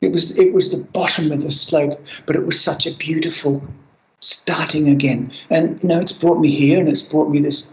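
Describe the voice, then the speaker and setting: An older man, telling his own story in a halting, reflective way, with restarts. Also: a little high, steady tone, muffled recording, slight background noise. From Australia. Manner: halting, with frequent restarts and soft laughs. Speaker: interviewee sharing lived experience. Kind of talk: reflective personal account.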